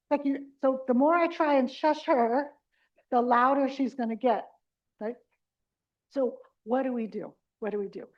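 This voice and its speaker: A middle-aged woman leading a live dementia care workshop, chatty and animated, acting out little caregiver scenes and talking with the audience. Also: high voice, measured pace, lo-fi sound. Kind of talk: live conference workshop talk. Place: conference room before a live audience.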